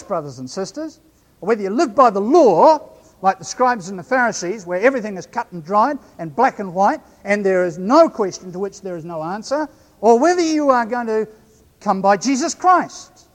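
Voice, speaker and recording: A man's voice: sits high, very animated. New Zealand man preaching in echoing hall. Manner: measured, slows right down for emphasis. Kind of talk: sermon.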